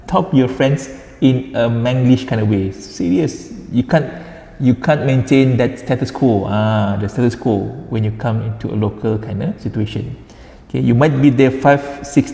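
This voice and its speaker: A man's voice: mid-range voice, creaky, warm tone. A man from Sarawak with a Sarawakian Malaysian English accent, giving a chatty classroom lecture and dropping in Malay particles like lah. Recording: echoey room with long reverb.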